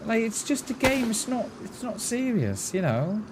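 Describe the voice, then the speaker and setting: A man's voice: high voice, very animated, moderate pace, noisy background. A man chatting casually on a live game stream, rambling and restarting his words as he talks to his chat. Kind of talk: casual chat while gaming.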